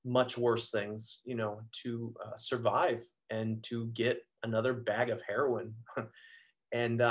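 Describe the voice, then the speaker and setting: A priest speaking as a guest, giving an earnest, reflective personal testimony with frequent pauses and fillers. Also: male voice, medium pitch. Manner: earnest, reflective, frequent ums and you-knows.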